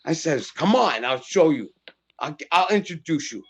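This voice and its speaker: A middle-aged man tells a street story in a casual podcast chat. His voice sits high, and he acts out each person's lines with lively swings. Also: moderate pace, breathy edge. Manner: animated storyteller acting out dialogue. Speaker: actor guest.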